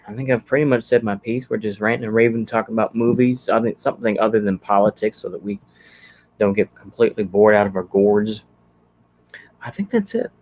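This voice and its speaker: A man's voice: fairly low pitch, darkish tone. A man chatting casually on his livestream, rambling easygoing and thinking aloud with lots of fillers as he reacts to comments. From Texas. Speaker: channel host.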